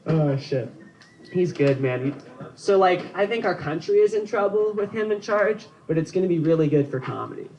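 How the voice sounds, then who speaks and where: A man's voice: sits high, lively intonation, normal speed, a little mellow, low-quality recording. A young man doing a stand-up comedy set outdoors, loose and laughing at his own jokes. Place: outdoor show.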